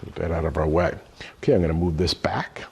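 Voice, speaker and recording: A man's voice: low voice, fairly even intonation, fast talker, a little mellow, husky. A middle-aged man giving a cooking demonstration lesson, explaining each step as he works with his hands. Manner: explanatory, talks through each step while working. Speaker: culinary instructor.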